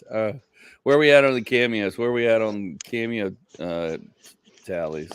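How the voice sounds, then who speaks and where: A man's voice: fairly low pitch, unhurried, clean tone, no echo, clean studio sound. A man, a comedian hosting a casual chat, telling stories in a rambling way with many fillers and laughing asides. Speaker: comedian host.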